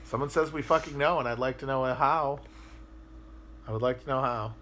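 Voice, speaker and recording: A man with a bright, forceful voice holds forth on a casual livestream as he answers viewer comments. He rambles and swears freely, restarting sentences and thinking aloud as he goes. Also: medium pitch, moderate pace, slight background noise. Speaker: podcast host.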